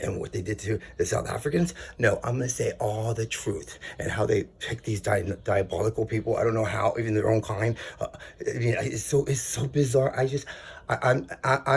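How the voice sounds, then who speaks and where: Gravelly, agitated man ranting. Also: medium pitch, slight background noise. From United States. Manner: agitated, stammering restarts, profane. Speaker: tenant filming a complaint video. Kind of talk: angry personal vlog rant. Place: small apartment bedroom, indoors.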